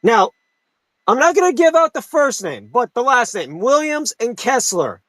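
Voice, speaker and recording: A man with a high voice rants as a live talk radio host, heated and profane, stumbling over restarts as he presses on. The sound is dry and close, with no room around it. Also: very animated, normal speed, fairly bright tone, no room sound, rough recording.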